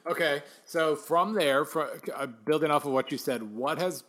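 A man's voice: on the high side, moderate pace, fairly bright tone. A man hosting a podcast, asking a guest searching questions with some hesitation. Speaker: podcast host.

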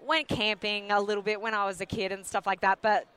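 Guest, Australian woman, 40s, smooth clear voice, chatty and self-deprecating. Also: mid-range voice, little pitch movement, brisk, fairly bright tone, no room sound. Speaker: podcast guest. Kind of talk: casual interview chat. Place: busy hunting expo hall.

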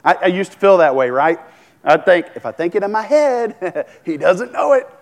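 A man's voice: high voice, expressive, moderate pace. A man preaching a sermon, talking casually, asking the congregation questions and restarting his sentences. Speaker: pastor.

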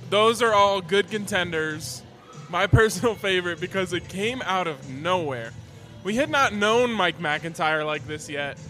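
A man with a bright, high voice hosts a casual sports chat. He steers the talk with questions and tells his stories with a laugh. Faint music sits underneath. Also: lively intonation, a little slow. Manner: laughing storyteller, leads the questions. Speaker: sports podcast host.

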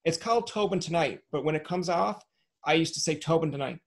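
A man's voice: fairly high pitch, a little fast. A man from Atlantic Canada hosting a casual podcast interview, acting out quoted voices as he talks. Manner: animated, acts out quoted voices. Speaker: podcast host.

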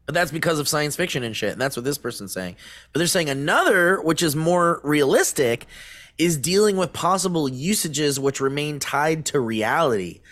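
A man's voice: a little high, expressive, normal speed, a bit bright, dry recording. A man co-hosting a casual podcast, reading news aloud and rambling off with lots of fillers. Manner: rambling, lots of fillers, bursts into silly voices. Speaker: podcast co-host.

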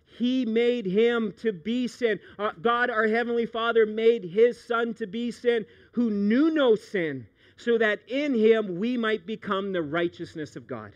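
Middle-aged male pastor, sermon, high-pitched voice, slightly muffled lo-fi sound. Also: measured pace, hardly any pauses. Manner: animated, swings from hushed storytelling to loud outbursts.

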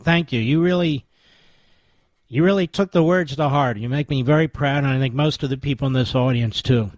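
A middle-aged man hosting a talk radio show, combative and emphatic, jumping up into sudden high exclamations. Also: brisk, dry recording.

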